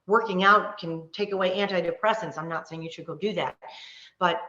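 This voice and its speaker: A woman coaching a live online workshop, talking fast, passionately and earnestly about taking back control. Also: on the low side, bright, forceful tone. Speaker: wellness coach. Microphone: video call. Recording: roomy, dull lo-fi call audio.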